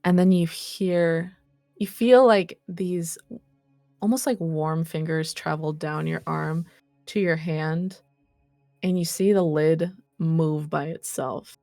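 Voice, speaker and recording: A woman's voice: low voice, fairly even intonation, slow, vocal fry, warm tone, no echo, studio quality, faint music behind. A woman narrating as game master in a tabletop game, hesitant and full of fillers.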